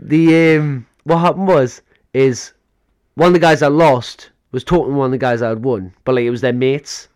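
A man's voice: medium pitch, steady tone, moderate pace, darkish tone. Rambling young man. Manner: rambling storyteller, acts out quotes, laughs often. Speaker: podcast co-host. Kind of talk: casual chat.

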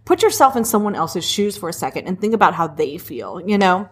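A woman's voice: on the low side, very animated, brisk, breathy edge. A woman in casual chat, enthusiastic, chiming in and finishing her co-host's sentences. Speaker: book discussion co-host.

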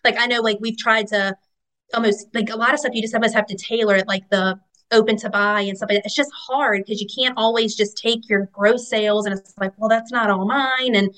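A woman's voice: a little high, fairly even intonation, fairly quick, fairly bright tone, rough recording. Woman shop owner chatting on a podcast, rambly, lots of "you know"s. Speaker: guest, vendor market owner. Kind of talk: casual interview chat.

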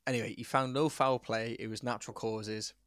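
A man's voice: medium pitch, fairly even intonation, brisk, a bit bright, no room sound, studio quality. A young man, co-hosting a podcast, telling a history story in a swearing, casual way and laughing often. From Wales. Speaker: podcast co-host. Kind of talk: casual chat.

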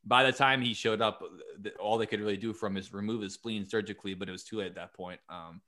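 A man's voice: on the low side, fast talker. A man hosting a podcast, telling a story in casual chat, swearing freely and acting out the lines of the people in it. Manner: animated storytelling, swears, acts out quotes. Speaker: podcast host.

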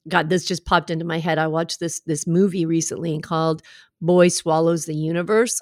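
A woman's voice: fairly low pitch, normal speed, no echo, clean studio sound. A woman speaking as a breast cancer coach in a podcast monologue, passionate and emphatic, addressing the listener directly.

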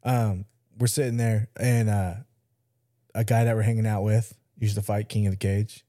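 A man in his thirties, a podcast co-host, telling a story in casual chat, animated and swearing, acting out the voices of the people he quotes. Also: fairly low pitch, moderate pace, no room sound, clean studio sound.

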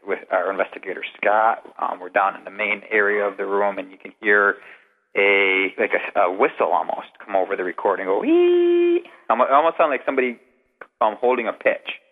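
A man's voice: lowish voice, steady tone, a little fast. A man, a guest paranormal investigator, telling rambling, detailed anecdotes in a casual interview over the phone. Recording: tinny phone line with long reverb.

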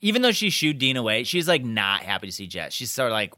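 Animated bright-voiced man recapping a show. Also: mid-range voice, quick pace, dry recording, clean studio sound. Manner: animated, acts out quotes loudly. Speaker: podcast co-host. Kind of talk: casual recap chat.

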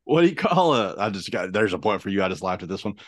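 A man in a casual podcast chat, swinging his pitch up and down as he tells dad jokes. He plays along, groaning at bad puns and laughing at his own. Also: sing-song, fast, no echo, clean studio sound. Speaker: podcast co-host.

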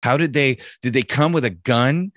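A man co-hosting a podcast, telling stories in crude, animated casual chat. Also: medium pitch, normal speed, dry recording, clean studio sound.

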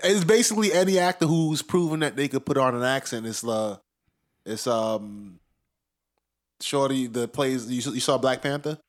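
A man's voice: medium pitch, moderate pace. Rambling, laughing casual man. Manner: rambling, profane, laughs often. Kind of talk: casual chat.

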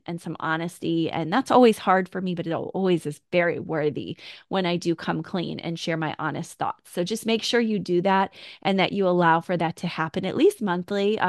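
A woman's voice: on the low side, no room sound, clean studio sound. A woman hosting a podcast, talking through personality traits in a reflective, conversational way and acting out quoted thoughts. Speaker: podcast host. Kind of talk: casual teaching talk.

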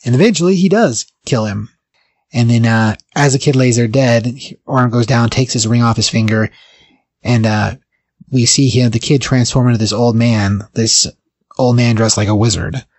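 A man's voice: medium pitch, normal speed, a little mellow, no room sound. A man co-hosting a podcast, casually retelling a comic book's plot in a rambling way, full of fillers. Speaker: podcast co-host. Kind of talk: casual comic book recap.

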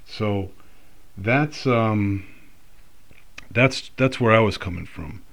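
A man's voice: lowish voice, slow pace, creaky, fairly bright tone. A man talking casually in a rambling, reflective monologue, full of fillers and restarts.

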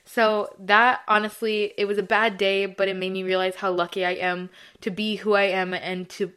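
A young woman talks casually through her solo podcast. She is chatty and gushing, and she leans on "like" and "you know" as she goes. Her pitch sits in the middle range for a woman. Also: little pitch movement, moderate pace, fairly bright tone, clear, resonant tone. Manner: chatty and effusive, heavy on fillers like "like" and "you know". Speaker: podcast host.

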